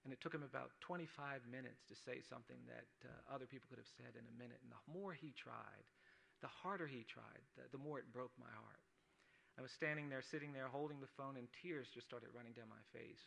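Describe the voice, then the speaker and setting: A man's voice: medium pitch, gravelly, pushed and bright, slightly rough. A man, a lawyer, giving an earnest personal speech at an awards dinner, building his points through repeated phrases. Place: awards dinner, speaking to an audience.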